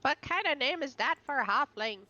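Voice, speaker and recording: A woman's voice: sits high, lively intonation, fairly quick, bright, forceful tone. A woman playing her character in a tabletop game, speaking rudely and teasingly on a dull lo-fi mic. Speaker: player.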